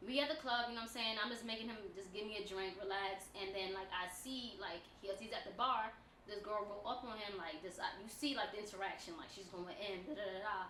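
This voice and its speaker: A woman comedian from New York telling stories in a casual podcast chat, animated and profane. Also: medium pitch, quick pace, recorded from a distance. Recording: roomy sound from off the mic, faint noise.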